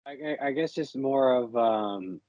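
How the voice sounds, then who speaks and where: A man's voice: medium pitch, unhurried, a little mellow, no echo, highs cut off. A young man co-hosting a podcast in casual chat, rambling and laughing, often sliding into mock voices. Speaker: podcast co-host.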